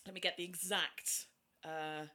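A woman's voice: on the low side, little pitch movement, a little slow, sharp tone. A woman with a posh-sounding English accent co-hosting a podcast, wry and self-mocking in casual chat. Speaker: podcast co-host.

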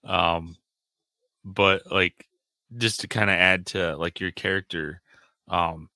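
A man with a very deep voice and a bright, forceful edge conducts the interview. His sound is dry and close, and he rambles hesitantly through many fillers. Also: fairly even intonation, takes it slowly, no echo. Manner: rambling, hesitant, laughs often. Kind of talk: casual interview.

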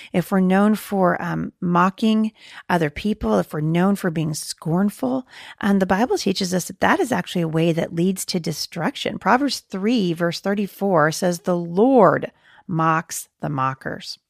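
Gravelly-voiced woman teaching scripture. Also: medium pitch, darkish tone, dry recording, studio quality. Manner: earnest, frequent fillers and restarts, quotes scripture. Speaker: podcast host teaching moms. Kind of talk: devotional teaching talk.

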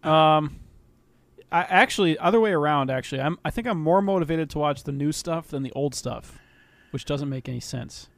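Gravelly, low-energy man mumbling. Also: moderate pace, dry recording. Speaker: podcast co-host. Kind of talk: casual chat.

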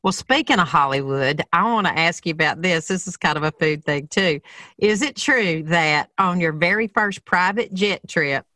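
A woman's voice: lowish voice, lively intonation, moderate pace, bright, forceful tone, no room sound, clean studio sound. A woman with a Southern American accent who hosts, asking eager, chatty questions. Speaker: host. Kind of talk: casual interview.

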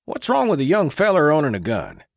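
A man's voice: a little high, wildly swooping pitch, fairly quick, vocal fry, no echo, pitched above the performer's own voice, full character voice. A man voicing a glib, falsely friendly young male drifter in an old-west audiobook, with folksy talk. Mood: pleading. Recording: dry close recording.

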